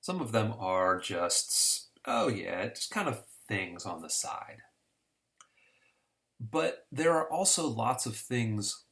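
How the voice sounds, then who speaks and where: Male teacher, casual lesson, storytelling, lively intonation, medium pitch. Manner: conversational storytelling, homespun examples. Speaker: economics teacher.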